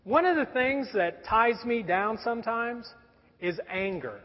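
A man's voice: very high voice, lively intonation, a little slow. A man in his forties, a pastor telling a story in a sermon with a conversational, wry humor. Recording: dull sound with long hall reverb.

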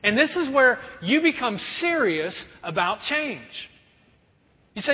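A pastor preaching a sermon in a conversational, animated way. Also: male voice, very high voice, slow pace. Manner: animated, conversational, acts out prayers. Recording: dull recording with long hall reverb.

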